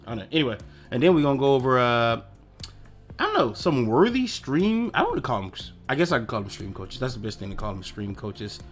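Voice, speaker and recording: A male streamer chats casually on his live stream, his pitch bouncing up and down as he rambles. He swears now and then and mutters to himself while he clicks through his setup. Faint music and keyboard typing sit behind him. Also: very animated, fast. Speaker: streamer hosting his own channel.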